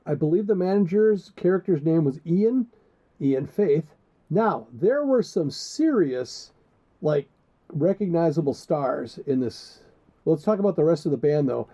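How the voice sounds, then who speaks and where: Gravelly man rambling through a podcast. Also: fairly high pitch, expressive, measured pace, mellow. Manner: rambling, joking, crude asides. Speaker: podcast co-host. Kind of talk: casual chat. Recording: muffled lo-fi podcast audio.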